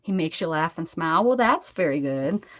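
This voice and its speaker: A woman's voice: low voice, lively intonation, moderate pace, a bit bright, lo-fi sound. A woman hosting a casual crafting livestream, chatting and talking baby-talk to her cat as she works. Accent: American. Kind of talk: casual chat while crafting.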